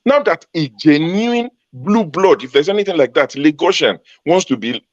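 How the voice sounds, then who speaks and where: A man's voice: fairly high pitch, animated, normal speed, no room sound. A man from Ogun State in Nigeria, a panel guest arguing emphatically in a heated debate and repeating his points for force. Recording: dull lo-fi sound.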